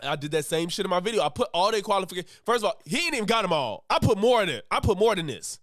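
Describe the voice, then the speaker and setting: A man's voice: high-pitched, very animated, very fast, a bit bright, no room sound, studio quality. A man streaming his reaction to a video, talking loosely, swearing and laughing often. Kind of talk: casual reaction commentary.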